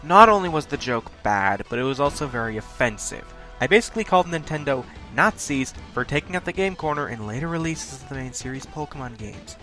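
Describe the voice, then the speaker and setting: A man hosting a countdown video, talking fast with occasional stutters in a blunt, self-critical way. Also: mid-range voice, animated, sharp tone, soft background music. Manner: talks fast, stutters at points. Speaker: YouTube countdown host. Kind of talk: scripted countdown commentary.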